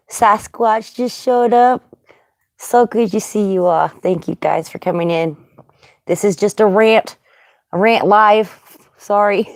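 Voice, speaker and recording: Slow-talking woman hosting a livestream. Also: mid-range voice, a little mellow, no room sound, clean studio sound. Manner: chatty, greets viewers by name. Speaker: livestream host. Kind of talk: casual livestream chat.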